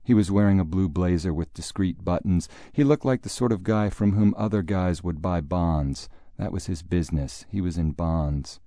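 A man's voice: sits low, moderate pace, hardly any pauses, dark tone, no room sound. A man narrating a story in a dry, wry manner. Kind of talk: audiobook narration.

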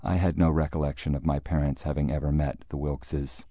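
A man's voice: extremely low pitch, little pitch movement, brisk, mellow, no echo. A man narrating a story in a dry, wry manner. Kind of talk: audiobook narration.

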